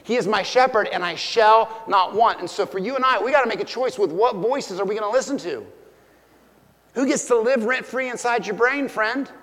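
A man's voice: high-pitched, moderate pace, fairly bright tone, in a large hall. A middle-aged man preaching a sermon as pastor. His delivery is conversational, with stories and direct questions to the listeners.

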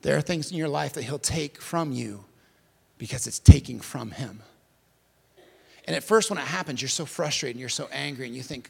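A male pastor delivering an impassioned sermon at a church service, swinging from hushed to emphatic. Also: mid-range voice, moderate pace, vocal fry, slightly rough, in a large hall.

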